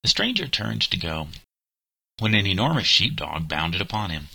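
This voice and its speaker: A man reading an audiobook chapter in a measured storytelling manner. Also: low-pitched, big pitch swings, vocal fry, pushed and bright, slightly rough, dry recording, poor audio. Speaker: narrator. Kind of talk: audiobook narration.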